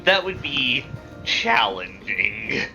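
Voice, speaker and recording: A man who runs the game speaks very slowly in a bright, lively voice. He clears up the details in a matter-of-fact way, with faint music behind him. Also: medium pitch, poor audio. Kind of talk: casual chat recapping a game.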